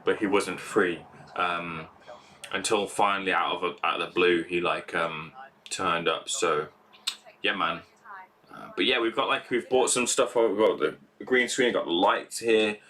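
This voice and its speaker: A man's voice: sits low, steady tone, a little slow, sharp tone. A young man hosting a casual live reaction stream, talking in a rambling, chatty way with lots of fillers.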